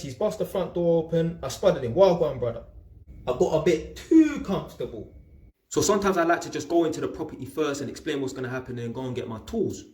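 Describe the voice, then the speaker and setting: In a roomy-sounding recording, a young man with a mid-range voice from England recounts a story about his electrician job. He speaks in slang, stays animated, and performs the voices of the people in his tale.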